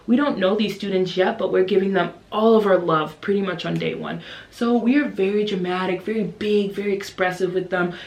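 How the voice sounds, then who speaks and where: Animated young woman in an echoey room. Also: creaky. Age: 20s. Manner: animated, acts out kids and teachers in high voices. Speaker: English teacher and vlogger. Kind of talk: casual vlog talk to camera. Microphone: camera's built-in mic. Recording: roomy echo.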